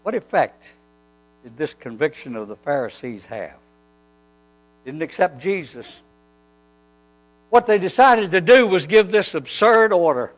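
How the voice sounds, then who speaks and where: Guy preaching a sermon, bouncy lively pitch, acts out the voices in the story. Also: a little slow, pauses often, rough recording. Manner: animated storytelling, acting out quoted dialogue.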